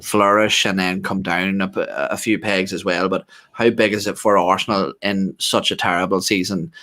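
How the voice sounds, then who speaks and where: A man's voice: low voice, level tone, normal speed, sharp tone. A man hosting a football podcast, talking bluntly and casually, swearing and laughing often. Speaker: podcast host.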